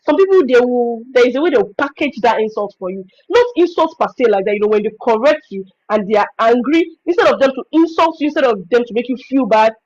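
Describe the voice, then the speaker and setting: A high-pitched Nigerian woman leads an informal webinar, telling stories in an expressive, animated way. Her voice comes through a dull, lo-fi stream recording. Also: fast talker, hardly any pauses. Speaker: virtual assistant trainer hosting a webinar. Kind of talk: informal teaching talk.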